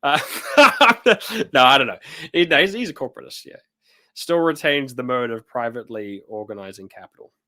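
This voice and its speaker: A man from New Zealand hosts a casual livestream, his medium-pitched voice lively, bright, and forceful at a moderate pace. He chats loosely and jokes while reading viewer comments, using lots of fillers and restarts.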